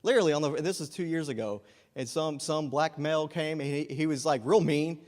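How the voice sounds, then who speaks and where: A man's voice: on the high side, brisk, darkish tone. A young man telling an earnest personal testimony as a guest speaker in a church, restarting his phrases often. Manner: earnest, storytelling, frequent restarts. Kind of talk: sermon testimony. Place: church sanctuary. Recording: long church reverb.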